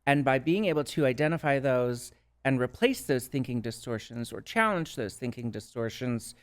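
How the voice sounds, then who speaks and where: In a relaxed podcast conversation, a guest with a Minnesota accent, who works as a substance use counselor, reflects earnestly on his own story and keeps checking in with "right?". He talks at normal speed in a mid-range voice with lively intonation.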